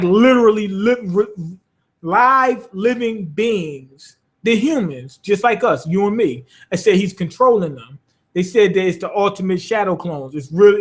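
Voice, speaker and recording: Guy with a high voice riffing on a manga chapter, loose, lots of cussing. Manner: rambling, profane, loose and amused. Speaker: manga reviewer. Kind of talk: casual chapter review.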